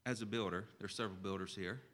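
A preacher with a lowish, steady voice delivers his sermon with a sharp, forceful edge. He keeps things conversational, asking the congregation direct questions, and when he turns to scripture his phrasing becomes slow, solemn, and measured.

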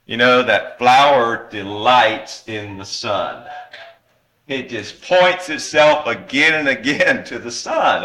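A man preaching a sermon in a slow, earnest way, reading scripture aloud and rising to emphatic peaks. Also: mid-range voice, animated, pushed and bright, rough recording. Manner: reads scripture in old-style wording. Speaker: pastor.

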